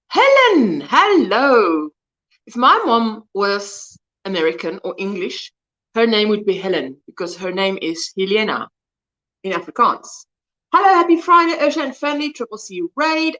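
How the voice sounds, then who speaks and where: Woman host, high lively voice, reading chat aloud, dull lo-fi livestream sound. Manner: warmly greets viewers by name, reading the chat aloud.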